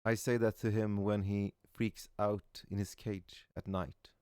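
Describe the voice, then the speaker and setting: Smooth low-voiced man reading memes. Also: flat delivery, measured pace, dry recording, clean studio sound. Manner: reads aloud with frequent stumbles and soft "aw" reactions. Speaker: voice actor reading memes aloud. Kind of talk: casual meme reading with reactions.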